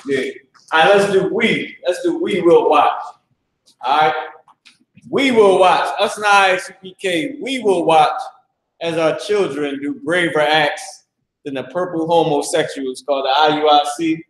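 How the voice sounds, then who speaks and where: A man with a fairly high voice teaches a class in a loose, slangy way, blunt and profane and prone to side remarks. His voice rings around a hard classroom with strong echo. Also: normal speed, a bit bright, a little hiss or hum. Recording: very echoey room.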